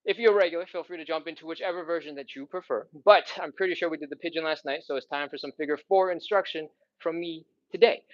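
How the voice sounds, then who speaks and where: Guy leading a stretch class live, kinda high voice, out of breath, counting down, muffled lo-fi audio. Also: fairly bright tone. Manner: coaching while stretching, counting down, sighing and panting between counts. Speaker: stretching instructor. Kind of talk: live follow-along workout instruction.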